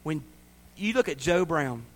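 A man from the American South preaching a sermon, swinging from loud, high-pitched exhortation to hushed intensity. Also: expressive, unhurried. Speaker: pastor.

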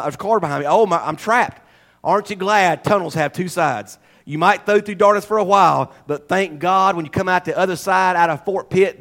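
A man preaching a sermon in a very high voice. He tells folksy, animated stories, slipping into mock voices and laughing along the way. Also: vocal fry.

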